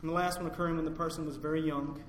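Rapid-fire and with little pitch movement, a male pastor preaches in a fairly high voice, climbing to loud, emphatic bursts and then dropping low and quiet on key points. A long reverb tail fills the roomy hall, and a faint hum runs underneath.

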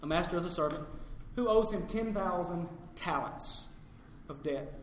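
A man preaching a sermon as pastor, swinging from loud emphatic peaks down to low, quiet points. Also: expressive, normal speed, a little hiss or hum. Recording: echoey hall with long reverb, faint ambience.

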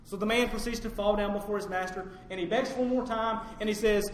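In a roomy hall with a long reverb tail and a faint hum beneath, a male pastor preaches in a fairly high voice. He rises to loud, emphatic peaks, then sinks low and quiet for his key points. His intonation stays fairly even, his pace is a little fast, and he rarely pauses.

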